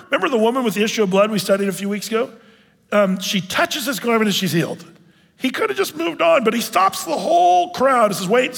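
A male pastor preaching a sermon, animated, breaking into sudden loud bursts as he acts out what people say. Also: high-pitched, big-room sound.

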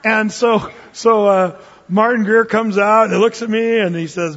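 A pastor preaches a sermon in a church sanctuary, telling a folksy personal story full of fillers and restarts. His voice sits high with a steady tone at a moderate pace. The recording is dull and echoes in a reverberant hall.

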